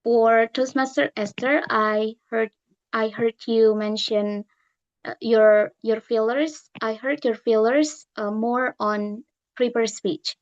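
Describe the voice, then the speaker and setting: Woman, ah counter, higher voice, very slow and methodical, slightly dull video-call audio. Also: fairly even intonation. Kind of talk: online meeting report. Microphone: computer mic on a video call.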